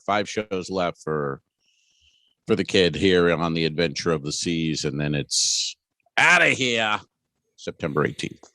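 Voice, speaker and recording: A man co-hosting a comedy podcast, chatting casually and telling rambling, animated stories. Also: low-pitched, dry recording. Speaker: podcast co-host.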